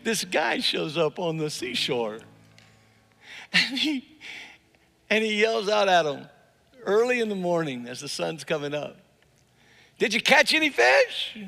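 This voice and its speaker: Bright-voiced male pastor preaching in a hall. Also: sits high, big pitch swings, measured pace, gravelly, pauses often. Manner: storytelling, repeating words when emphatic, acts out quotes. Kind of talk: sermon. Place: church hall with live and online audience. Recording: long reverb in a large hall, faint music.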